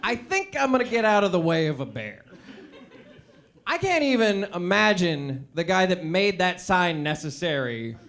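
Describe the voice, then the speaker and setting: Male stand-up, 30s, high pitch, rambling self-deprecating delivery. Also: very animated, normal speed, a bit bright. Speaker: stand-up comedian. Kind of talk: stand-up comedy set. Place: theatre stage.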